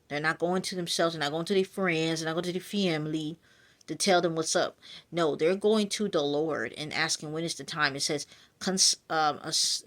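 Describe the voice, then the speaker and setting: Her voice is deep and a bit bright as she reads a casual prophetic message meant to encourage. A spiritual message reader, she stays chatty, uses lots of fillers, and talks straight to her audience.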